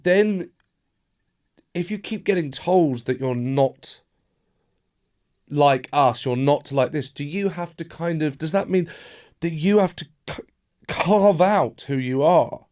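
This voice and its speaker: A man's voice: fairly high pitch, slow pace, darkish tone. A man hosting a podcast, asking long, hesitant, rambling questions with frequent restarts. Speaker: podcast host, comedian. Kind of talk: casual interview chat.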